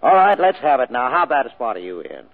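An actor playing a hard-boiled private detective in a vintage radio drama, terse and dryly wisecracking. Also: male voice, mid-range voice, sing-song, fast talker. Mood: dry, wry. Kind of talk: 1940s radio acting. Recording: tinny old radio broadcast recording.

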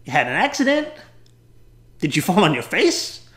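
A man voicing a puzzled little American girl who asks blunt, baffled questions in a squeaky voice. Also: wildly swooping pitch, normal speed, fairly bright tone.

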